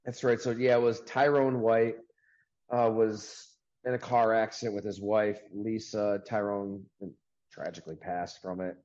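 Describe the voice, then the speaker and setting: A man's voice: lowish voice, flat delivery, a little mellow, lo-fi sound. Upbeat male podcast host, chatty. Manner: upbeat, talky, quick asides. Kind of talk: casual sports podcast chat. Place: sports bar. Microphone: video call.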